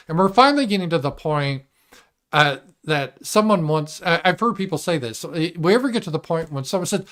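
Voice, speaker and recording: A man's voice: on the high side, sing-song, fast talker, fairly bright tone. Blunt profane male livestream host. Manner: blunt and profane, mimics opponents in mocking voices; reads viewer super chats aloud. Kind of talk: casual political commentary monologue.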